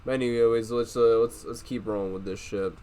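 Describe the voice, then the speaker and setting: A man's voice: medium pitch, steady tone, a little fast, dark tone, smooth. A man reading a novel aloud, rambling and swearing freely as he sums up the plot and jokes at himself, still getting over a cold. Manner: rambling and profane, laughs at himself. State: recovering from a cold. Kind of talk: casual reading aloud with commentary.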